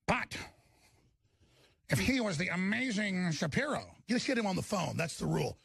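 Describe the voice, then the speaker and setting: A man hosting a talk radio show, ranting and rambling with stammers and bombastic insults in a gravelly, raspy voice. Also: sits high, animated, moderate pace, long pauses, fairly bright tone, no room sound, studio quality.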